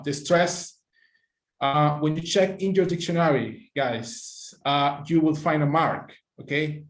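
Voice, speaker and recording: A man teaching an online pronunciation class, encouraging students and praising them by name, with slightly non-native phrasing. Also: on the high side. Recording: echoey room.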